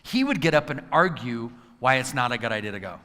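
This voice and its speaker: A man's voice: medium pitch, brisk. A man in his forties giving a live motivational talk, telling stories with acted-out quotes and asking the audience questions. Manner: animated storyteller who acts out quotes, asks the crowd questions. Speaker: motivational speaker. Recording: hall with long reverb.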